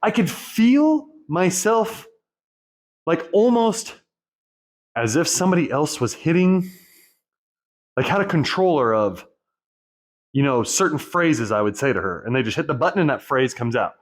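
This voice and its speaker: A divorce coach who hosts a channel for divorced men talks through a personal story in a mid-range, animated voice at a moderate pace. His monologue is rambling, candid, and self-reflective, laced with swearing.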